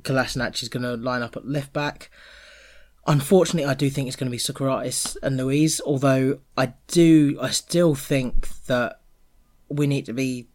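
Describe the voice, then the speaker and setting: Male co-host, middling pitch, repeats himself for emphasis. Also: steady tone, normal speed. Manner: chatty, repeats words when stressing a point. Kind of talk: casual football podcast chat.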